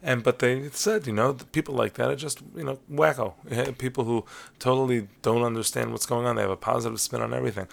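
Male Torah teacher, mid-pitched and heavily gravelly, measured explanatory delivery with Hebrew terms mixed in. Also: fairly even intonation. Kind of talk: lecture-style lesson on Talmud stories.

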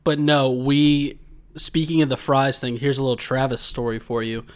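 A man's voice: medium pitch, little pitch movement, moderate pace. A man, co-hosting a podcast, telling a long dream story in casual chat and laughing often as he goes. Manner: rambling, laughs often while telling stories. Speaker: podcast co-host.

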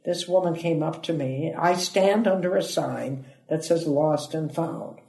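An older woman in her eighties quoting a blunt female airport clerk in a flat, deadpan tone. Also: low voice, measured pace, gravelly, echoey room. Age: 80s.

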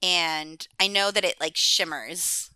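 A woman's voice: lowish voice, takes it slowly, bright, forceful tone, clear, resonant tone, no echo. A woman chatting casually as a podcast guest. She rambles, fills her talk with "like," and laughs often. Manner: rambling, many "like"s, frequent laughs. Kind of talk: casual chat.

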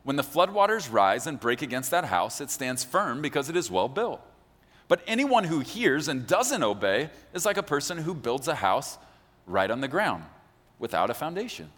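A man preaching a sermon as pastor, animated and joking, acting out quotes in a large church. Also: mid-range voice, normal speed. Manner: animated, jokey, acts out quotes. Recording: long hall reverb.

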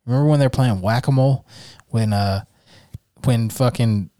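A man's voice: medium pitch, normal speed, dark tone, dry recording, studio quality. A man co-hosting a casual podcast, laid-back and blunt, swearing freely. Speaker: podcast co-host. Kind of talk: casual chat.

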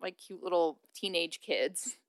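A woman's voice: lowish voice, unhurried, dry recording. A woman co-hosting a casual podcast, chatty and giggly, with lots of fillers as she shares facts. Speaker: podcast co-host. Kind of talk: casual chat.

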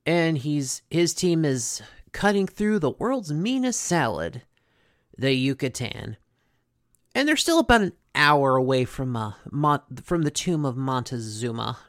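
Chatty recap host with lively pitch. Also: a little slow, no room sound, clean studio sound. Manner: chatty, lots of fillers and asides. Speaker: host recapping a cartoon episode. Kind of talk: casual recap.

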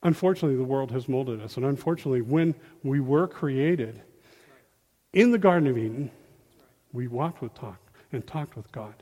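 A man giving an informal, animated sermon, acting out quotes in a folksy way, on a handheld mic in a church hall. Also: mid-range voice, normal speed. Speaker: lay preacher. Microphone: handheld microphone. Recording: long reverb of a hall.

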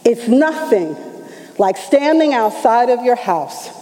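A middle-aged woman church elder telling a testimony in an animated storytelling manner, acting out the voices she quotes. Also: on the high side, takes it slowly, big-room sound, poor audio. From New York. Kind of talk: testimony sermon.

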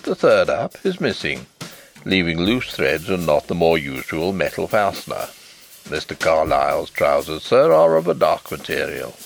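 Period audiobook manservant, deferential and precise, low and gravelly, played by a man. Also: exaggerated voice. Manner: respectful, formal and exact.

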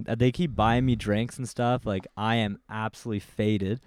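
A young man co-hosting a casual podcast, telling stories with plenty of swearing and quick laughs. His voice is smooth and clear. The recording is close and dry, with no room sound. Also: fairly low pitch, steady tone, darkish tone, no room sound. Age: young adult. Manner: laughing storyteller, swears freely. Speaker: podcast co-host. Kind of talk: casual chat.

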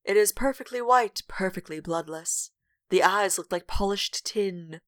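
A woman's voice: medium pitch, unhurried, a bit bright. A woman co-hosting a podcast, reading a gothic novel aloud with dramatic weight and breaking in with wry jokes. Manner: dramatic read-aloud broken by wry asides.

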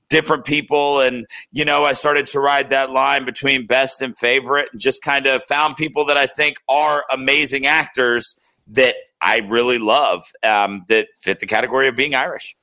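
A man's voice: medium pitch, poor audio. A man co-hosting a casual podcast, explaining loosely with many fillers. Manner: relaxed, filler-heavy explaining. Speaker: podcast co-host.

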